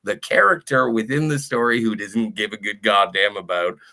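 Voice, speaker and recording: A man's voice: on the low side, normal speed, gravelly, bright, forceful tone. A man joking and rambling as a guest on a live stream. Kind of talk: casual live-stream chat.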